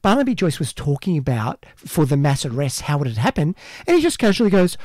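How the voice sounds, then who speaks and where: A man's voice: fairly high pitch, big pitch swings, a little fast, hardly any pauses, a little mellow, no room sound, studio quality. A man in his fifties co-hosting a casual political discussion, earnest and often restarting his phrases. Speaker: co-host.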